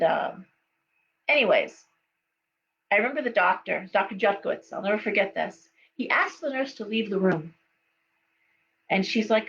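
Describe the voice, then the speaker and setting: A woman's voice: mid-range voice, vocal fry, fairly bright tone. A middle-aged woman giving a live tarot reading, chatty and storytelling, with frequent okays and ums. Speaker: tarot reader. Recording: dull lo-fi sound with faint hum.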